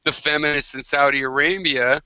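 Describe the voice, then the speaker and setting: Bright-voiced American man rambling. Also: on the high side, fairly even intonation, normal speed, smooth, no room sound, dull audio. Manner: long rambling turns with many restarts. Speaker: host of an online hangout. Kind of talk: casual group discussion.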